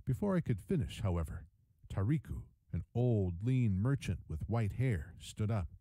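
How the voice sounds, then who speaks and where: A man narrating a game cutscene as a father recalling a journey. His pitch rises and falls expressively over a mellow, dark tone, recorded dry and close. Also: no echo, low-quality recording. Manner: measured storytelling with lively pitch.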